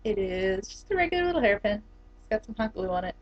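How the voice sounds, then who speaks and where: A woman's voice: mid-range voice, very animated, a little fast. A young woman in her twenties, an English teacher, chatting casually to the camera with lots of fillers and laughs. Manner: chatty, giggly, many fillers. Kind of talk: casual vlog talk. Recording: dull lo-fi camera audio.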